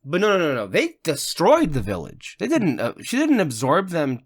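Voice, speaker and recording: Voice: mid-range voice, huge pitch swings, moderate pace, husky, dry recording. A podcast co-host reacting to a TV episode in casual talk, circling around ideas with false starts and second thoughts. The voice sits mid-range and is recorded close and dry, with almost no room sound. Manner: thinks aloud with restarts and hedges.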